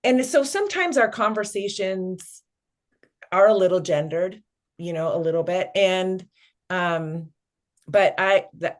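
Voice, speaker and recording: A woman's voice: lowish voice, lively intonation, unhurried. A middle-aged woman, a guest on an interview podcast, telling a family story and acting out the dialogue.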